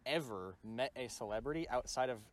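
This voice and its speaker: A man's voice: medium pitch, lively intonation, a little fast. A young man from a rural town co-hosting a podcast, chatting casually with dry, teasing remarks. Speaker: podcast co-host. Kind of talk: casual chat.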